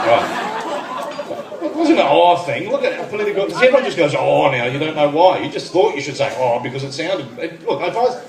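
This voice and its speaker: A man in his thirties with an Australian accent doing a stand-up routine, trading dry one-liners and asides with the crowd. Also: fairly high pitch. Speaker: stand-up comedian. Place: benefit night venue, live room. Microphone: far phone recording. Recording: echoey far phone recording, noisy room. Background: crowd laughter and room noise.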